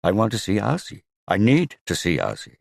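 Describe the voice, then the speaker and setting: A man's voice: on the low side, wildly swooping pitch, normal speed, gravelly, no room sound, studio quality, voice pushed up, exaggerated voice. A man voicing a troubled father who pleads insistently to see his son, in an audiobook. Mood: pleading.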